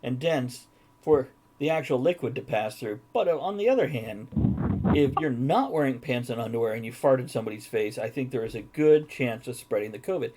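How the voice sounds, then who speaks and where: A man's voice: medium pitch, expressive, a little fast, warm tone, a little hiss or hum. A man hosting a live-streamed talk show, joking and reading chat messages aloud in casual chat. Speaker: host.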